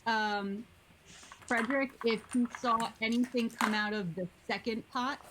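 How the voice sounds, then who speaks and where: A woman at a tabletop game, working out her next move step by step with plenty of ums. Her voice is mid-pitched, with a faint hiss behind it. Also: steady tone. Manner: deliberate, practical, with hesitations. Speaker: player. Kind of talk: casual tabletop play.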